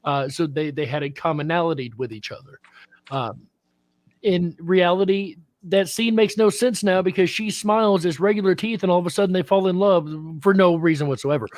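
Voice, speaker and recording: A man's voice: high-pitched, normal speed, no room sound. A man hosting a live-stream panel chat, quizzing a guest politely and addressing him as sir. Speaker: quiz host.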